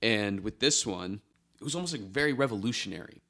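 A man's voice: lowish voice, animated, brisk, sharp tone. A young man co-hosting a casual music podcast, rambling with lots of fillers and jokes. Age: young adult. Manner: rambling, many fillers, joking. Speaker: podcast co-host. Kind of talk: casual chat about music.

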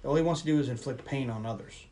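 A man hosting a podcast, casually retelling a film's plot in a brisk storytelling manner. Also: medium pitch, mellow, far from the mic. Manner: brisk storytelling, mimics characters. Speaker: podcast host. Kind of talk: casual film recap.

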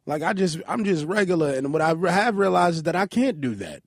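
A man's voice: on the high side, sing-song, a little fast, no echo, studio quality. A man hosting a podcast in casual chat, acting out quotes with big swings in his voice. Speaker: podcast host.

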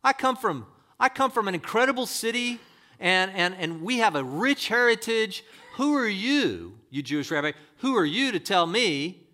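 A man preaching a sermon, voicing a proud, offended foreign woman who answers back loudly and indignantly. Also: mid-range voice, huge pitch swings, breathy edge. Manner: loud, indignant, rapid rhetorical questions.

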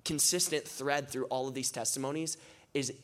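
A young man speaks in a loose, conversational way, leaning hard on filler words as he tells his stories. His pitch sits in the middle range for a man. This is a testimony-style sermon given to a church gathering. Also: steady tone, normal speed, a bit bright. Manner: casual, filler-heavy storytelling with many "like"s; rising, impassioned closing prayer.

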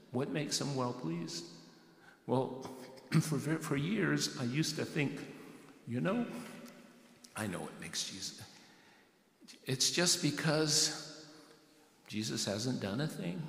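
A man's voice: medium pitch, vocal fry. A man preaching a sermon, emphatic, repeating words and dropping in "yes" and "right". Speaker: pastor. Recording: echoey hall, slightly distant.

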